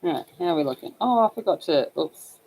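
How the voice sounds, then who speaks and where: A woman's voice: on the low side, expressive, fast, a little mellow, poor audio. A woman with an Australian accent, hosting a casual livestream and chatting to viewers about slang while she colors. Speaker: livestream host.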